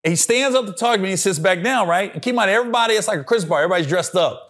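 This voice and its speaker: A man spins a comic story in relaxed podcast chat. His voice sits a little high, and he slips into other people's voices and laughs through the punchlines. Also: racing. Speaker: comedian guest.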